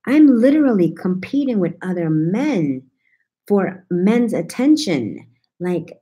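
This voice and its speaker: A woman's voice: lowish voice, very animated, measured pace, mellow, husky. A woman telling a story in a casual, sassy chat to her viewers, teasing them and swearing freely as she answers their comments. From New York, USA. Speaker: vlogger talking to viewers.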